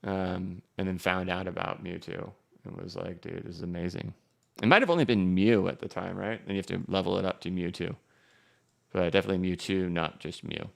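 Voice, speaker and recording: Deep gravelly chatty streamer man. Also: steady tone, a little fast. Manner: chatty and joking, many fillers, reacts to viewer comments. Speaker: crypto livestream host. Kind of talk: casual live-stream chart commentary, reading chat.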